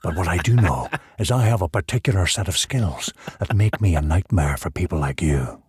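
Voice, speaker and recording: A man impersonating a menacing male film action hero, speaking low and threatening in a Northern Irish accent. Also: lively intonation, normal speed, darkish tone, husky, dry recording, studio quality, heavily acted.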